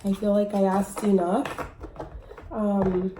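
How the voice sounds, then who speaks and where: Woman vlogger, casual and halting, breathless, mellow low tone, roomy sound. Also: flat delivery, a little hiss or hum. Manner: chatty, halting with many fillers. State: a little out of breath. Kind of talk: casual oracle card reading vlog.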